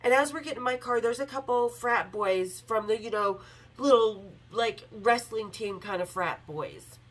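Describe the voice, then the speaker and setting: A woman hosting a podcast, candidly telling a story with swearing and animated quoted lines. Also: a little high, normal speed, poor audio. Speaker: podcast host. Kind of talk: casual storytelling.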